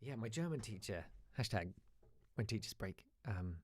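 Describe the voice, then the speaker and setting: A man's voice: on the low side, expressive, moderate pace, husky. A man hosting a live show, chatting casually, reading listener emails and telling stories with asides and restarts. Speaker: host.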